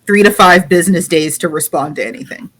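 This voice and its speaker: A woman co-hosting a podcast in casual chat, with a wry, deadpan teasing manner. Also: lowish voice, brisk. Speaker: podcast co-host.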